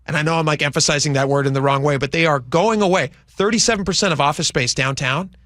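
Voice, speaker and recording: A man co-hosting a talk radio show, arguing his points emphatically, his pitch jumping on stressed words. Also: fast, a bit bright, no echo, clean studio sound. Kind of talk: opinionated talk radio chat.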